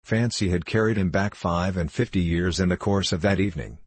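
A man narrating a classic novel as an audiobook in a measured, even reading. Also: low-pitched, breathy edge, no echo.

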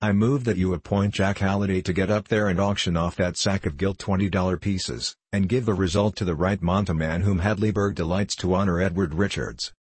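A man's voice: low-pitched, steady tone, breathy edge, no room sound. A man reading as an earnest plain saddler. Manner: deliberate, earnest address to a meeting. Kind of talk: audiobook reading.

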